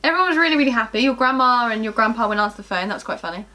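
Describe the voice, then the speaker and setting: A young woman chats casually to camera, her voice bright and a touch high. She giggles often and drifts into ums and restarts as she tells a story. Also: lively intonation, rapid-fire. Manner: chatty, giggly, trails off with ums. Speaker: vlogger. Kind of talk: casual chat.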